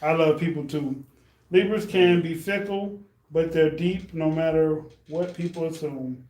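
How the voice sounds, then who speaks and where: A man's voice: fairly high pitch, a little slow, a little mellow. Playful middle-aged man in an echoey room. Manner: playful, laughs often. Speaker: podcast host. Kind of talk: casual chat. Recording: echoey room, faint noise.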